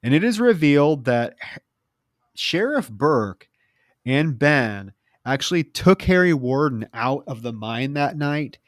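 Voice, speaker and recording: A man co-hosting a podcast, recapping a film plot in a casual, animated way. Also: fairly high pitch, a little slow, no room sound, studio quality. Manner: animated retelling with lively emphasis. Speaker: podcast co-host.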